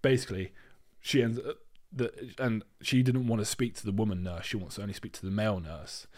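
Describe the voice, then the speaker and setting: A man's voice: fairly low pitch, brisk. A young man co-hosting a casual podcast chat, telling a story with lots of swearing and acted-out voices. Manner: animated storyteller, swears freely, acts out voices. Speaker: podcast co-host.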